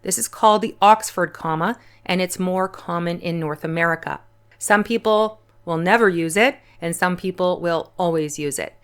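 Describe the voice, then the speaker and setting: A woman's voice: lowish voice, moderate pace. Woman teaching an English grammar lesson. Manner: clear, patient explaining.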